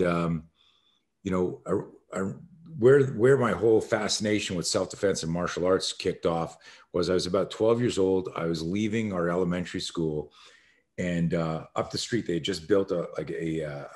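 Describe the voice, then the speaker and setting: A man with a fairly low voice tells a story as a podcast guest. He is an animated storyteller who acts out the scenes as he talks. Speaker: guest, self-defense expert.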